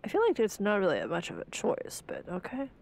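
A woman's voice: mid-range voice, huge pitch swings, brisk, gravelly, a little mellow. A woman casually commenting on a game she is playing, chatty and self-mocking. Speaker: gaming channel host.

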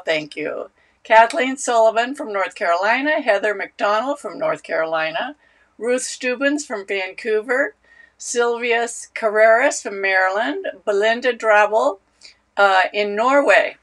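A woman's voice: a little high, animated, measured pace. Chatty woman greeting live viewers. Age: older. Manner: warm, chatty, reads out viewer names. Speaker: knitting teacher hosting a live stream. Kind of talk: casual live-stream chat, greeting viewers.

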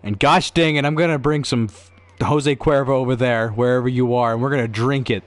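A man streaming a game, chatting casually with viewers in a goofy, rambling way that jumps into excited yelps. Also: mid-range voice, fairly quick. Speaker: gaming streamer. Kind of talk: casual live-stream chat.

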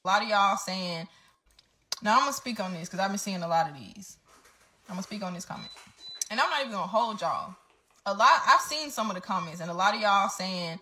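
A woman's voice: mid-range voice, expressive, a little fast, pushed and bright. Blunt woman venting. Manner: blunt, profane, heated. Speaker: storyteller. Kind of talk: venting storytime vlog.

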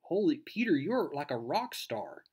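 A man voicing an excitable, teasing teenage girl in a comic retelling, gushing with excitement. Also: mid-range voice, normal speed, close to an everyday voice. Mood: excited.

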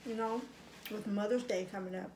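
A woman's voice: medium pitch, steady tone, normal speed, background noise. A middle-aged woman chatting casually while she eats at home, reflective and reminiscing, with lots of fillers. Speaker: mukbang vlogger. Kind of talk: casual chat while eating. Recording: echoey room with faint ambience.

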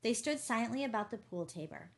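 A woman narrating a novel as an audiobook, measured and intense. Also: on the high side, animated.

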